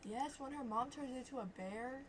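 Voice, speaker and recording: A woman's voice: sits high, normal speed, a little hiss or hum. A young woman, the host's daughter, joking around in casual chat. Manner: playful, goofy jokes.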